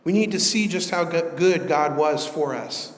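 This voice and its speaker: A man's voice: fairly high pitch, normal speed. Earnest preaching man, echoey hall. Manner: earnest, conversational preaching with rising emphasis. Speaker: pastor. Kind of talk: sermon. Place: church sanctuary.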